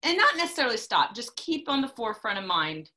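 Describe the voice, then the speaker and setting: A woman's voice: a little high, big pitch swings, fast talker, bright, forceful tone. A middle-aged woman in casual chat, blunt and emphatic, repeating herself to drive a point home. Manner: emphatic, blunt and repetitive when preaching farm safety.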